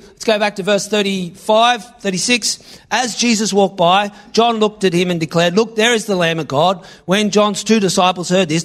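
A man preaching a sermon, reading scripture aloud and acting out lines with sudden loud bursts. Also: high voice. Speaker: pastor.

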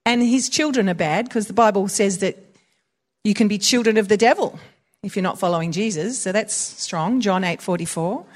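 A woman's voice: medium pitch, normal speed. A woman preaching in a chatty, conversational way, mixing scripture with personal stories. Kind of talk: conversational sermon.

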